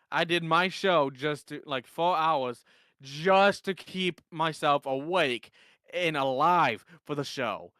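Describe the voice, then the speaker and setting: A man's voice: fairly high pitch, bright, forceful tone, clean tone, no echo, clean studio sound. A young man rambling and swearing as he tells a story in a casual live-stream chat. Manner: rambling, profane, restarts often. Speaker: guest streamer.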